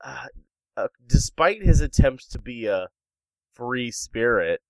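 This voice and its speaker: A man's voice: mid-range voice, big pitch swings, slow, gravelly, no room sound, poor audio. A man hosting a comedy podcast in casual chat, reading out news stories and making puns. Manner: jokey, punning, reads out news stories. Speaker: podcast host.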